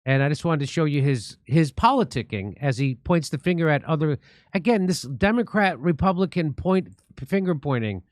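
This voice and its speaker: A male livestream host riffing on politics with biting sarcasm and open indignation. His voice sits a little high for a man. The sound is dry and close to the mic. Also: lively intonation, normal speed, dry recording. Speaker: show host.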